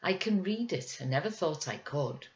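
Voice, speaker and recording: A woman's voice: deep voice, expressive, normal speed, lo-fi sound. A woman voicing a shy, serious young boy who speaks hesitantly. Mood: proud.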